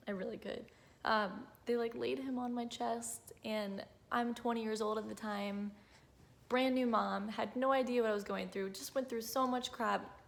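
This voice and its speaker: A woman's voice: a little high, steady tone, moderate pace, creaky. Young woman talking to her camera, lots of likes and ums, kinda emotional. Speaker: vlogger. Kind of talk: casual storytelling to camera.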